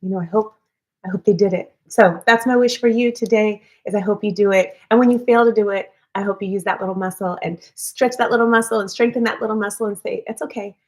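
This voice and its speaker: A woman's voice: medium pitch, fairly even intonation, fast talker. Woman, livestream wellness host, casual and earnest, repeats herself for encouragement. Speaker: host of a weekly live wellness show. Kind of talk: casual motivational livestream talk.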